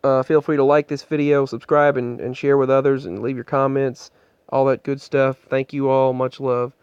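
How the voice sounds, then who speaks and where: Earnest halting man, dry close sound. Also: medium pitch, little pitch movement, darkish tone, smooth, dry recording. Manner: earnest, halting, many restarts. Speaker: vlogger. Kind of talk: personal storytelling vlog. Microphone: earbud microphone. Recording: muffled, dull sound.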